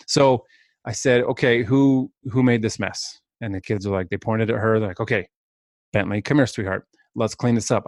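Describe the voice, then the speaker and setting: A man's voice: medium pitch, dry recording, clean studio sound. A man in his thirties casually telling a rambling, self-deprecating story as a podcast co-host.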